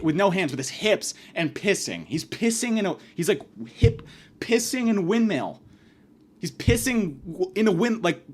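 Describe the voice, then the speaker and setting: A man hosting a comedy podcast, telling stories in a profane, exasperated rant. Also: high-pitched. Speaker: podcast host.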